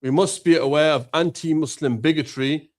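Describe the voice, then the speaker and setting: A man chats casually as co-host of a live online show. His delivery is relaxed and jokey, and he keeps nudging viewers to spread the word. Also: fairly high pitch, normal speed. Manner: laid-back banter, urging viewers to share. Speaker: co-host of an Islamic live stream. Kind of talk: casual live-stream chat.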